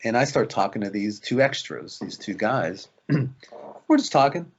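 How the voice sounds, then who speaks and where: Husky male actor telling stories animatedly. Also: lowish voice, moderate pace, dull audio. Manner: animated storyteller who acts out quotes and laughs often. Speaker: actor, interview guest. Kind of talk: casual interview storytelling.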